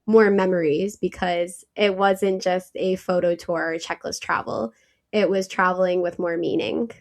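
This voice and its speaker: A woman being interviewed as a travel company founder, chatty and animated, laughing easily as she tells stories. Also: fairly low pitch, measured pace. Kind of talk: casual interview.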